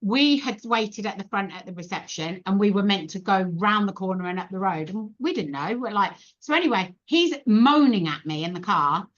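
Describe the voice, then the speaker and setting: A woman's voice: mid-range voice, normal speed, few pauses. A middle-aged woman, a podcast guest, telling stories in casual chat and acting out the voices of the people in them. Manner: animated, laughing, acts out quoted voices. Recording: dull lo-fi podcast audio.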